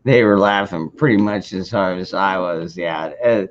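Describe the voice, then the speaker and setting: A man's voice: low-pitched, normal speed. A man hosting a casual livestream chat, rambling with lots of restarts and swearing freely. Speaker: livestream host. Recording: dull lo-fi stream audio.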